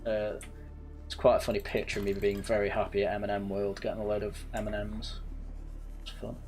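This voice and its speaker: A man's voice: lowish voice, level tone, a little fast, a little mellow, faint music behind. Young northern English man rambling while gaming. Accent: northern English, slightly posh. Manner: rambling anecdotes with frequent laughs and self-corrections. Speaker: gaming channel host. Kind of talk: casual let's-play chat.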